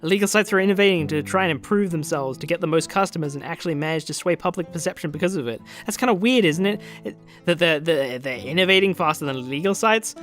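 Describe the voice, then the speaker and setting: Brief: young-sounding man, high and rapid, sarcastic rebuttal over quiet music. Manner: sarcastic, heated and profane. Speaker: video essayist responding to a critic. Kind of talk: argumentative commentary.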